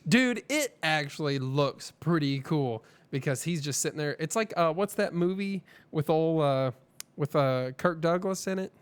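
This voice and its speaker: A man's voice: a little high, lively intonation, moderate pace, clean tone. A man co-hosting a casual live-stream chat, trading laid-back, joking banter about movies. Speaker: podcast co-host.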